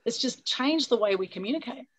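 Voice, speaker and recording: A woman with a husky voice hosting an online meetup, energetic and coaxing, often adding "right?" over a video call. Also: on the high side, a little fast, rough recording. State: husky from a recent flu. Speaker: meetup host. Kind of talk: upbeat motivational talk on a video call.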